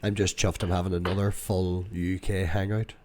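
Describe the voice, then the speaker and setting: A British man hosts a relaxed online hangout and talks in an easygoing, matter-of-fact way. His voice is low and warm, with a soft, mellow tone. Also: moderate pace, a little hiss or hum. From United Kingdom. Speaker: host of the hangout. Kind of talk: casual chat.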